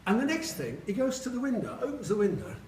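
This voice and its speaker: Crowd noise surrounds a Sheffield man in his seventies as he gives a humorous after-dinner speech at a reunion lunch, performing the voices of the people in his anecdotes. He talks fast in a high voice with huge pitch swings. The distant mic catches him in a large, echoey dining hall with a faint hum.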